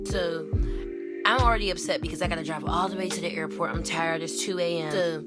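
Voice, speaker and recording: A young woman vlogger from Pittsburgh telling wild driving stories in a casual, animated rant, saying "like" constantly and acting out the dialogue. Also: lowish voice, fast talker, music in the background. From Pittsburgh, USA. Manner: animated, heavy use of "like", acts out dialogue. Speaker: vlogger and rideshare driver.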